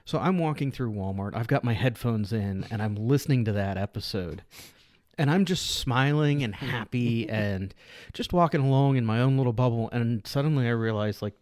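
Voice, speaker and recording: A man's voice: medium pitch, normal speed, dry recording. Chatty man with a dry close sound. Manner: animated storyteller, laughs often. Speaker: podcast co-host, youth pastor. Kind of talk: casual chat.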